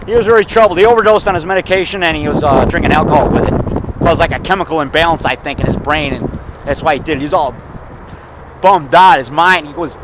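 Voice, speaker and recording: A man's voice: on the high side, fast, heavy background noise. A man in his fifties from the Chicago area, giving a rambling, digressive monologue in a cemetery, full of fillers and restarts, recorded on a handheld camera mic. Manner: digressive, talks in fragments with fillers and self-corrections. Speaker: vlogger. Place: outdoor cemetery.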